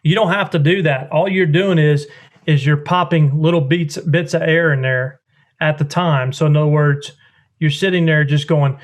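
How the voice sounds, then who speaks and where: Duck-call maker, folksy drawl, fairly high voice. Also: male voice, steady tone, moderate pace. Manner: drawling, folksy, mimics duck sounds with his voice. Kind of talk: instructional explanation.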